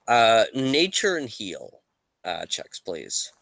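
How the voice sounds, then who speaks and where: Male game master, deep bright voice, unhurried halting narration. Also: huge pitch swings, gravelly, a little hiss or hum. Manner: halting, many fillers and restarts.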